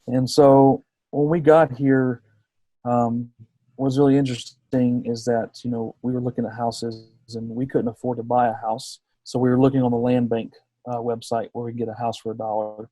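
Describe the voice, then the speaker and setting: A man's voice: medium pitch, fairly quick, no echo. A man in his thirties, a podcast guest telling a personal story in conversation, acting out the people he quotes. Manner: lively storyteller who acts out quoted dialogue.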